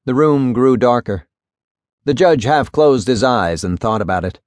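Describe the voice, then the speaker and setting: A man narrating a literary novel in a measured, even storytelling voice. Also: mid-range voice, dry recording, clean studio sound. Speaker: audiobook narrator.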